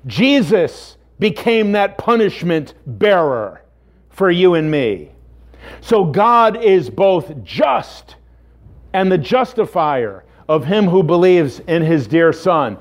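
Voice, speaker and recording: A man preaching a sermon, earnest and emphatic, asking rhetorical questions of his congregation. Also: fairly high pitch. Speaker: pastor.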